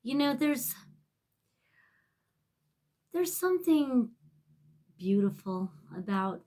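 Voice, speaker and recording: A woman giving a casual tarot reading to camera. She rambles, swears freely and is emotional, often sinking to a soft near-whisper. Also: sits high, very animated, slow pace. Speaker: tarot reader.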